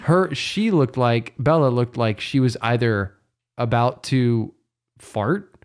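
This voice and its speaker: A man in his thirties on a podcast, talking in a lively, laughing way with lots of false starts. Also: medium pitch, slow, smooth. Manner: animated, laughing, lots of restarts. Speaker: podcast guest. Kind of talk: casual podcast chat.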